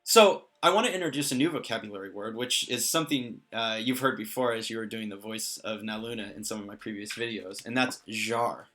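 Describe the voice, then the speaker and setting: A man's voice: lowish voice, fairly quick, few pauses, fairly bright tone, faint music behind. A man teaching vocabulary in a casual spoken lesson, patient and careful, explaining step by step and adding small jokes. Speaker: language teacher.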